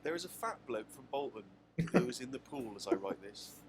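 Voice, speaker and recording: Deadpan Englishman reading his diary. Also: medium pitch, fairly quick. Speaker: diary writer reading on a radio show. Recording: clip with clear background noise.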